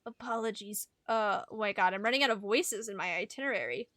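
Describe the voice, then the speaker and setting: Playful woman streamer, bright, slightly high voice, dry close sound. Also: lively intonation, fast talker, no room sound. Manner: playful, giggly, reads game lines aloud. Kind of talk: casual game commentary.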